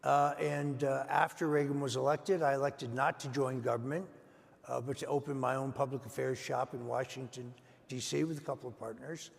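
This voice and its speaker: Older male guest, gravelly, measured storyteller with many fillers, recorded in a reverberant hall. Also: mid-range voice, fairly even intonation. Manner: measured anecdote with frequent "uh" fillers. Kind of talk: storytelling in an interview.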